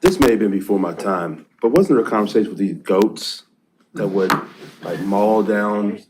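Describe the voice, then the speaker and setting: A man on a city committee asking questions in a slow, searching way. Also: on the low side, animated, noisy background. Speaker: committee member.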